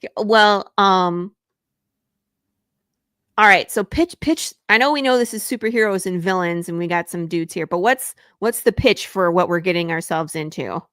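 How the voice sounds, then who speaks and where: A woman hosting a podcast in casual chat, talkative and quick to laugh. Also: lowish voice, fairly bright tone, clean tone, no room sound, studio quality. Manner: chatty, laughs often. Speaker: podcast host.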